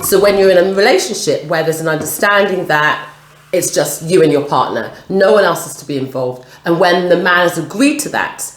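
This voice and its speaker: A woman's voice: lowish voice, fairly quick. A woman hosting an eating vlog, chatting casually and leading the talk with questions. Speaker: vlog host. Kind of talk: casual chat while eating. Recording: roomy echo, faint noise.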